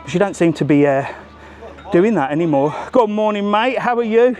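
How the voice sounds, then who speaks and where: A man's voice: high voice, animated, moderate pace, a little mellow, soft background music. A middle-aged man with a cheeky, chatty manner, hosting a live walking vlog on a seaside promenade. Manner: cheeky, chatty, jokes with strangers. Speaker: travel vlogger.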